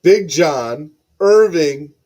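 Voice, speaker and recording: Excitable podcast host, slow and high. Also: male voice. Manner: excitable, repeats phrases, reads chat aloud. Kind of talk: live-stream podcast chat.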